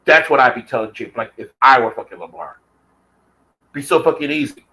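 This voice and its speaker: A man on a long, heated vlog rant, swearing at every turn and hammering his points home. He talks at a middling pitch in a loose, conversational way. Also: lively intonation, a little fast, bright, forceful tone, rough recording. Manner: heated, profane, repetitive. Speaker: vlogger. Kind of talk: profane rant.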